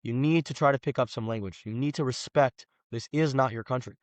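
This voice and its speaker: A man, a guest telling animated, slangy stories on a casual podcast. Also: medium pitch, brisk, dry recording. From Los Angeles, USA. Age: 20s. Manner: animated storyteller, slangy, says "bro" often.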